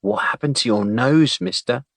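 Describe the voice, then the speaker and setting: A man's voice: medium pitch, moderate pace, a bit bright, dry recording, voice pushed up, close to an everyday voice. Male narrator putting on a small curious boy, blunt and eager.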